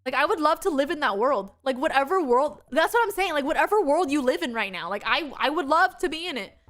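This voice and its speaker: A young woman VTuber chatting casually on stream, telling stories in an animated way with lots of laughter. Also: sits high, brisk, soft background music. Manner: animated storytelling with frequent laughter.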